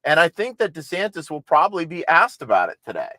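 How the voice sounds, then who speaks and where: A man comments on a livestream in a blunt, mocking and exasperated way. His voice is fairly high for a man. The sound is dry and close to the mic. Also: very animated, quick pace, bright, forceful tone, no room sound, low-quality recording. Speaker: host.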